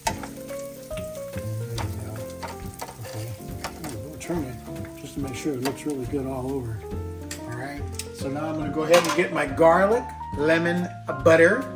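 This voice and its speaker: A man hosting a home cooking demonstration in a kitchen, playful and chatty, talking straight to his viewers. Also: on the high side. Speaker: cooking show host. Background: background music.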